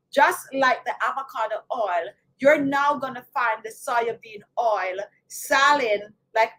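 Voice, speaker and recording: A woman with a Jamaican accent talks casually and animatedly, speaking straight to her audience. Her voice sits high. She keeps turning to the viewers and asking them to chime in. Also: rough recording. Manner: chatty, animated, addresses viewers directly. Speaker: beauty channel host. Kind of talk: casual talk to camera.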